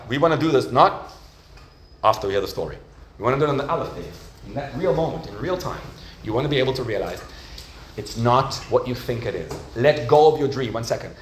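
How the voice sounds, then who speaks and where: Male yeshiva teacher, mid-pitched, lively storyteller in a casual Torah class, faint background hiss. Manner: animated, conversational, acts out the voices in his stories.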